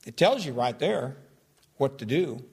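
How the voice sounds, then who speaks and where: A man preaching a Bible study sermon, reading old-fashioned scripture slowly and deliberately, then explaining it in a measured teaching voice. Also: mid-range voice, animated, vocal fry, breathy edge. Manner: reads King James scripture slowly and deliberately; measured teaching delivery with fillers and restarts.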